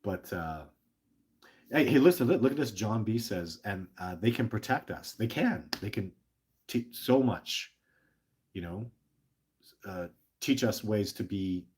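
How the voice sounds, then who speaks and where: Deep husky-voiced man rambling earnestly. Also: darkish tone. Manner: rambling, earnest, with many restarts and stammered repeats; passionate and emotional. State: short on sleep. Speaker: livestream host. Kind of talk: casual livestream chat reading viewer questions.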